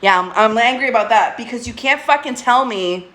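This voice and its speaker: Brisk and a little high, her fairly bright voice drives a casual live stream from home, where her pet keeps her company. The adult woman, getting older, speaks candidly, laughing between thoughts and cursing often.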